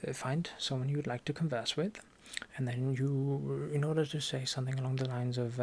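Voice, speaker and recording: Whispered role-play: young Norwegian-accented man as a teacher, gravelly, halting, deadpan. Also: medium pitch. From Norway. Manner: soft-spoken, halting, deadpan joking. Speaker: ASMR creator playing a language teacher.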